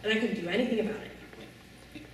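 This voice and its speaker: A woman's voice: mid-range voice, moderate pace, slight background noise. A woman giving a personal testimony talk to a youth audience, telling her story earnestly and often checking in with her listeners. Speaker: speaker addressing a youth audience. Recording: echoey hall from a distance.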